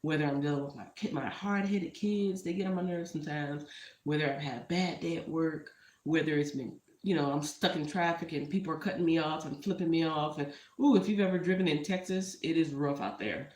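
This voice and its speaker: A woman entrepreneur vlogs casually to the camera in a low-pitched, slightly mellow voice, speaking fairly quickly. She's heartfelt and a bit emotional, often drifting into asides, and the room gives a noticeable echo.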